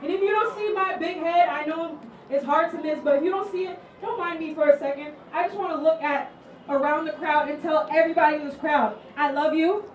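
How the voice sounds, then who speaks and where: A woman's voice: sits high, brisk, recorded from a distance. A woman emceeing a rally, hyping the crowd with casual call-and-response. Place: outdoor rally at a school. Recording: echoey PA from afar, crowd noise. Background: cheering crowd.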